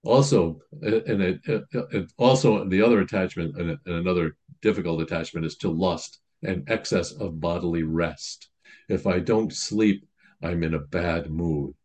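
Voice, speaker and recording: A man's voice: sits low, normal speed, a little mellow, husky. A man priest giving a sermon in a conversational teaching manner, reading quotations aloud and explaining them.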